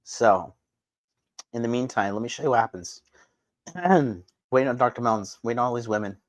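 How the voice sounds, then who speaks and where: Guy ranting on his stream, profane and sneering, loud then muttering, dead dry mic. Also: normal speed, dry recording. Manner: mocking, profane, swings from loud to low. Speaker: livestream host. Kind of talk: crude provocative livestream rant.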